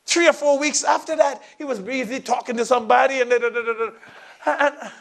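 High-voiced pastor telling a story in a sermon. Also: male voice, a little fast, gravelly. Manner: storytelling, shifts between soft asides and raised emphatic lines.

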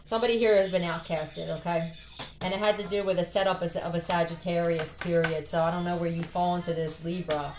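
A woman's voice: on the low side, steady tone, fast talker, a little mellow. A tired woman with a Philadelphia accent doing a casual tarot reading, blunt and chatty with lots of swearing. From Philadelphia area. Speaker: tarot reader. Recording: echoey room with faint music. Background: faint music.

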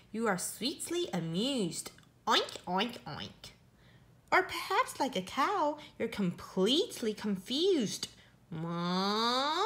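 Female storyteller for a picture book: high and playful, unhurried, ready with animal sounds. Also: fairly bright tone. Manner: playful, makes animal noises between lines. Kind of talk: reading a children's picture book aloud.

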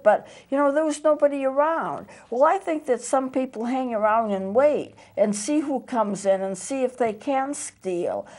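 A woman pastor hosting a TV show, telling a personal story in an earnest, conversational way with some hesitant restarts, recorded in a TV studio. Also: medium pitch.

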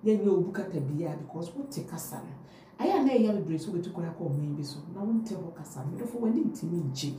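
A woman with a Ghanaian accent teaching French phrases to Twi speakers, drilling each phrase slowly and repeating it. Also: on the low side, recorded from a distance, a little hiss or hum. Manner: lively, drawn-out repetition of phrases. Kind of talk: language lesson, repeat-after-me drills. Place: France. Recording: echoey room, off mic, faint ambience.

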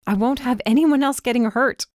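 A woman voicing a frightened but defiant young female student, emphatic and often shouting. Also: medium pitch, moderate pace, no echo, clean studio sound, natural voice. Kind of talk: audiobook character voice.

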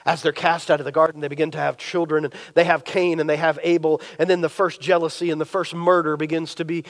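A man preaching a sermon, telling the story in a lively way and acting out imagined dialogue. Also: on the high side, quick pace. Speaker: pastor.

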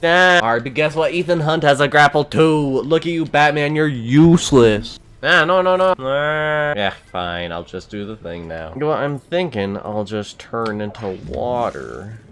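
A young man giving let's-play commentary, excitable and complaining loudly at the game. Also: mid-range voice, measured pace. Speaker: gameplay streamer.

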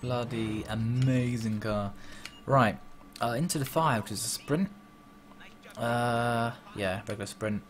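A man's voice: mid-range voice, takes it slowly, a little hiss or hum. A man casually commentating on a racing game, joking and swearing as he plays. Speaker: gaming channel host. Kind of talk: let's play commentary. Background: background music.

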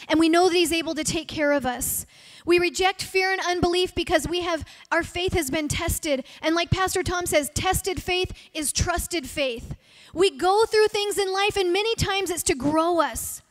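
High-voiced woman pastor preaching. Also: normal speed, few pauses. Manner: earnest, acts out heartfelt prayers aloud. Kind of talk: sermon. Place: church service.

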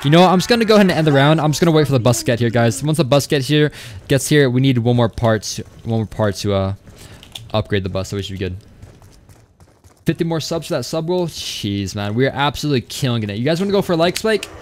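Playing live on stream, a young man talks fast in an expressive, slightly mellow mid-range voice. His chat is casual and rambling, and he reads out messages from viewers as he goes.

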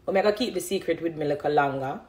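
A woman's voice: sits low, rapid-fire, darkish tone. Jamaican lady in her 30s chatting on her phone live, answers comments, laughs a lot. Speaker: dancehall artist on a live stream. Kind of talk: casual live-stream chat.

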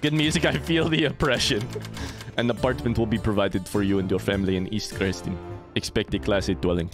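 A man's voice: lowish voice, fairly even intonation, fairly quick. A young man casually commenting on a game as he plays, chatty and reading on-screen text aloud. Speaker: let's play streamer. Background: game music.

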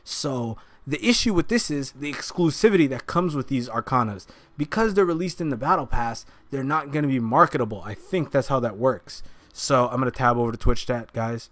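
A man's voice: a little high, dry recording. Angry ranting man, dry close sound. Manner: angry ranting, frequent swearing. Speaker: streamer. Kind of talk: heated gameplay commentary. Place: at a gaming computer while streaming.

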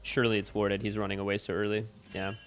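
A man giving live gameplay commentary as a streamer at home, excitable and bursting into yells and laughs. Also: on the low side, fast, faint music behind. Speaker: gaming streamer. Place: home room with window open.

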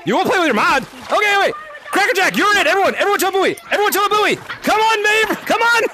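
A man live-streaming a VR game, shouting greetings and cheering his players on with lots of laughter, into a headset mic. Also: very high-pitched, sing-song, very fast, slight background noise. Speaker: gaming streamer. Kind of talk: excited live-stream chat while playing.

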